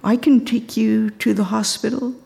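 A woman's voice: fairly high pitch, steady tone, normal speed, gravelly, dark tone. A woman voicing a caring woman talking a frightened man down, in a soothing, reassuring tone.

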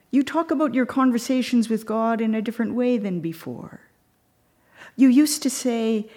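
This woman has a medium-pitched, somewhat dark voice and is preaching a reflective sermon. She tells a story, slowing down and sometimes sinking to a near whisper.

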